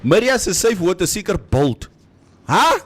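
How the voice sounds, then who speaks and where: A man in his fifties co-hosts a radio show from the studio. His slightly high voice swings widely in pitch, and he talks at an unhurried pace. He laughs often and mixes English with Afrikaans. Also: big pitch swings, slight background noise. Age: over 50. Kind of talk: casual studio banter, reading listener comments.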